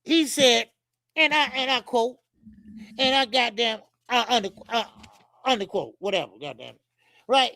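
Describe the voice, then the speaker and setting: A man hosting a casual boxing show, ranting heatedly and cursing, shouting at times. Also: extremely high pitch, lively intonation, moderate pace, pauses often, no echo, studio quality. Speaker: boxing commentary show host.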